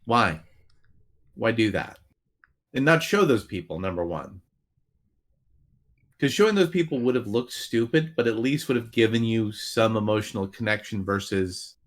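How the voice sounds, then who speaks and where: A man co-hosting a casual podcast chat, sarcastic and mocking as he picks apart a movie. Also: on the low side. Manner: sarcastic, animated, mocks scenes with quick voice shifts. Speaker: podcast co-host.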